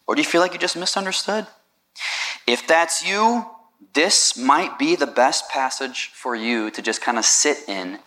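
A man's voice: mid-range voice, expressive, unhurried, bright, forceful tone. A man preaching a sermon in a conversational way, asking the listeners questions. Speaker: pastor.

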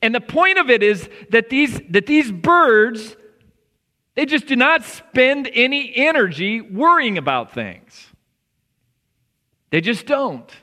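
High-voiced preacher in a reverberant hall. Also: male voice, sharp tone. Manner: earnest, conversational preaching with rising emphasis. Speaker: pastor. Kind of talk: sermon. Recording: long reverb of a church hall.

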